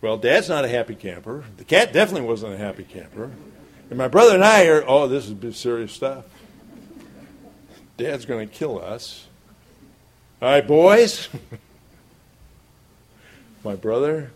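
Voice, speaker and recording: A man's voice: medium pitch, animated, moderate pace, pauses often, breathy edge. Folksy man telling a sermon story. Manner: folksy storyteller, chuckles often. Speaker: preacher.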